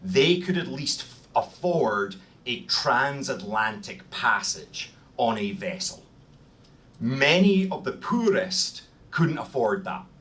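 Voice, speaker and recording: A man's voice: mid-range voice, very animated, slow, fairly bright tone. Scottish guy giving a history lecture, lots of ums, mic a bit far off in the room. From Scotland. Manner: self-deprecating, frequent ums and restarts. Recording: distant mic in a room with faint noise.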